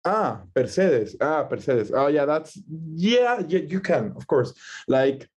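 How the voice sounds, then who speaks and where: A man whose first language is Spanish, a musician guest on a call from Madrid, talks in a chatty, animated way with many fillers and quick laughs. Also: on the high side, husky. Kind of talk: casual interview over a call. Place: in Madrid, recorded remotely.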